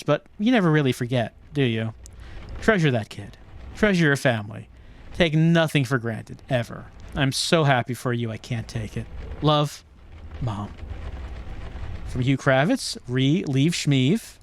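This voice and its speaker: A man's voice: mid-range voice, normal speed. A man streaming a video game, reading in-game messages aloud and muttering asides in casual commentary.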